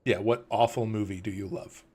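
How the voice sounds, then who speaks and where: A man's voice: fairly low pitch, steady tone, a little fast, a little mellow, husky. A man hosting a livestream, rambling casually, chuckling and reading chat questions aloud, tired in the early morning. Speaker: livestream host.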